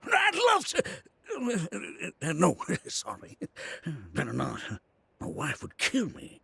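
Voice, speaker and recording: A gravelly, husky old motorbike mechanic, who swings from low mutters to shouted glee in a wide, restless melody. He talks at an unhurried, drawn-out pace. The game voice sits dry and close. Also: exaggerated voice. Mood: friendly. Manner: bursts into shouting excitement and laughter. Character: excitable older male mechanic, ex-racer. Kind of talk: video game dialogue.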